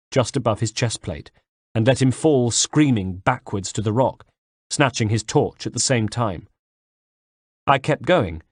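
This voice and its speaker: A man reading a first-person audiobook in a measured, dramatic way on a close mic. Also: fairly low pitch, no room sound. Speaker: audiobook reader.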